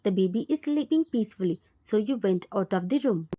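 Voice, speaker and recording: A woman narrating a fan fiction story in second person, in a plain, steady storytelling manner. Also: medium pitch, brisk.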